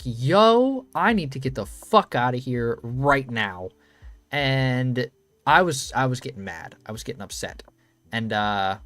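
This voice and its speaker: Profane rambling young man storyteller. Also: mid-range voice. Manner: profane, rambling, animated storytelling with lots of fillers. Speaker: channel host. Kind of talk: casual storytelling to camera.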